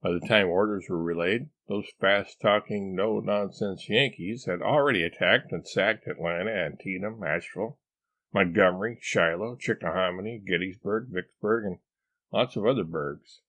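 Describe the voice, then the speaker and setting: A man voicing a pompous, eccentric husband who lectures in a drawn-out, know-it-all way in a storybook reading. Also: sits low, fairly bright tone, no echo. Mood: lecturing.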